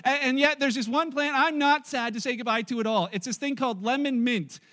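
High-voiced pastor telling stories. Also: male voice, brisk, sharp tone, long reverb tail. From Canada. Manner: chatty storytelling that acts out other people's lines. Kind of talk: sermon.

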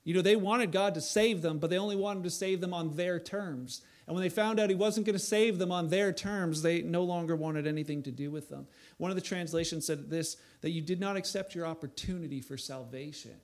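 Preaching man, slightly high voice. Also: brisk, few pauses. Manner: conversational preaching, voice rising to near shouts for emphasis. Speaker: pastor. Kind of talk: sermon.

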